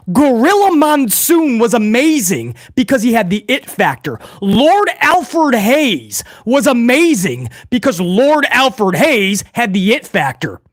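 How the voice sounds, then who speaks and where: A man talks straight to his viewers about wrestling news in a casual, opinionated way, with his pitch jumping all over as he makes his points. The sound is close and dry, with no room around it. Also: no echo. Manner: blunt, animated, addresses viewers as guys. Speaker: wrestling news channel host.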